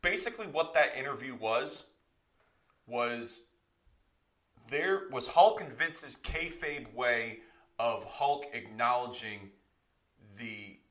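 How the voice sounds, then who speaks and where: A man's voice: mid-range voice, expressive, takes it slowly, long pauses, bright, forceful tone. A man co-hosting a wrestling podcast, explaining in a rambling, profane, self-correcting way. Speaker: podcast co-host. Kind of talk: casual podcast commentary.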